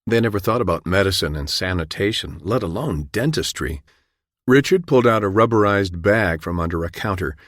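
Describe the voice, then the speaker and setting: Male audiobook narrator, very low voice, measured delivery, dry booth sound. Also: animated, dry recording.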